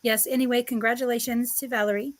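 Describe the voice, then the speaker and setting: A woman co-hosting a relaxed online chat, gushing and giggly. Her voice sits somewhat high for a woman. She talks easily and casually. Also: fast talker. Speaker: co-host of the chat.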